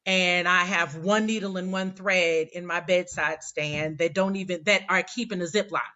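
Forties woman rambling on candidly in an interview, bright voice, kinda dull lo-fi sound. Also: fairly low pitch, steady tone, moderate pace. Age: 40s. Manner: candid, rambling, self-deprecating storyteller. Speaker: poet guest. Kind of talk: casual interview chat.

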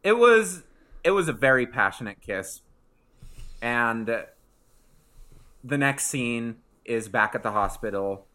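A man co-hosting a casual chat, retelling a TV episode with animated asides and acting out lines. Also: medium pitch, takes it slowly, pauses often. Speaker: podcast co-host.

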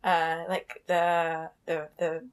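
A young woman co-hosting a podcast, chatting casually, giggling often, with lots of false starts and quick asides. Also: deep voice, little pitch movement. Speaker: podcast co-host. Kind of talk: casual chat.

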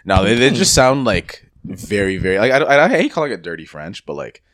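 A man with a low voice talks quickly, and his pitch jumps around as he chats on a podcast. He swears casually and often lets his sentences drop off quietly. The sound is dry and close to the mic. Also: dry recording. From Canada. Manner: fast, animated, swears freely, trails off quietly. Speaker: podcast co-host. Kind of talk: casual chat.

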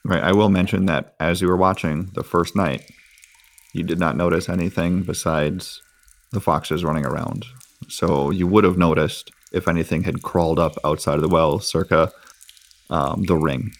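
Deep-voiced man running a tabletop game. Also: normal speed. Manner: relaxed, describes scenes with filler words. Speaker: game master.

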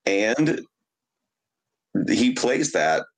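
A man from Indianapolis, a guest on an interview, telling animated stories with frequent laughs and dipping into a Scottish brogue. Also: on the low side, extremely slow, low-quality recording. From Indianapolis, USA. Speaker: guest musician and actor. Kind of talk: casual interview chat.

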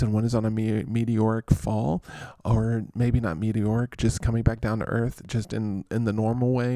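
A man's voice: fairly low pitch, gravelly, mellow, no echo, studio quality. A man hosting a fantasy football show in a casual, rambling, joking way, full of playful asides. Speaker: fantasy football podcast host. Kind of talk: casual comedic sports chat.

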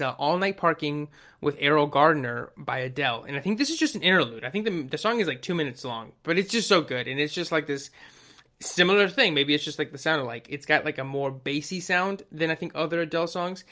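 A man's voice: on the high side, animated, brisk, sharp tone. A man co-hosting a casual music chat, rambling with fillers and restarts, swearing and acting out quotes. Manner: rambling, profane, acts out quotes.

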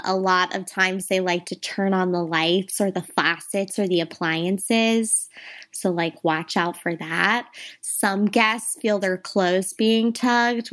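A woman's voice: mid-range voice, a bit bright. A woman co-hosting a podcast, chatting casually as she tells ghost stories and talks straight to her listeners. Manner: chatty, addresses listeners as "you guys". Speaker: podcast co-host. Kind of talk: casual ghost-story chat.

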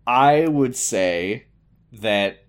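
A man reads fan fiction aloud for a comedy podcast, his voice swinging widely up and down in pitch. He jokes and laughs between passages and keeps an animated, playful delivery. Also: very slow, clean tone. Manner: animated, slips into mock voices and laughs often. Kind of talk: comedic reading and banter.

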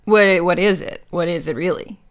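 A woman co-hosting a podcast, chatting casually and playfully as she recaps a TV episode. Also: moderate pace. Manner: playful, jokey, acts out quotes with big swings in pitch. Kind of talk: casual chat.

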